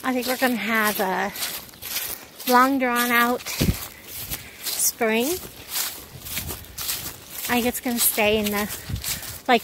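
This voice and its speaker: Breathless woman on a slow walk. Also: a little high, background noise. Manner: chatty, rambling, self-narrating. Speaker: vlogger. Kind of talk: casual walking vlog. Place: outdoors on a rural hill, then in her car.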